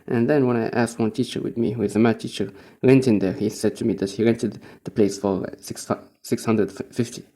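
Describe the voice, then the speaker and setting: A man's voice: medium pitch, fairly even intonation, brisk, hardly any pauses, dark tone. A young man from Morocco who works as a teacher, telling a rambling, profane story in a casual spoken-diary monologue and chuckling often.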